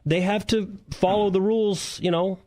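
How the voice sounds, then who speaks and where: A man who talks in a somewhat raised pitch, telling rambling shop stories on a car call-in radio show. He keeps it loose and conversational and chuckles often between his points. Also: fairly even intonation, moderate pace, a little mellow. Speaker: car show co-host and mechanic. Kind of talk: casual radio chat.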